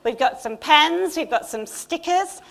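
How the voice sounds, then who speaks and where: A middle-aged English woman speaks from the front of a church, her voice sitting high. She preaches in a loose, conversational way, full of small asides and gentle humour. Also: lively intonation, unhurried, vocal fry. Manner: chatty and warm, with asides. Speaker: church leader. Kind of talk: informal Easter sermon. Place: church hall.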